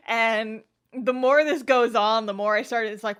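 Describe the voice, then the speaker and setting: A woman co-hosting a podcast, recapping an anime episode in casual, animated chat with frequent swearing and laughter. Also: a little high, measured pace, smooth. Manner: animated, profane, laughs often. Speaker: podcast co-host.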